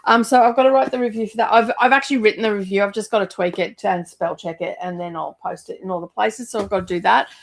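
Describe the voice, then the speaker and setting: A middle-aged woman chats casually about her reading, wandering from thought to thought with frequent ums. Her voice has a gravelly, creaky texture at a middle pitch. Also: fairly even intonation, quick pace, hardly any pauses. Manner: chatty, rambling with many fillers. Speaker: book vlogger. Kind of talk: casual chat.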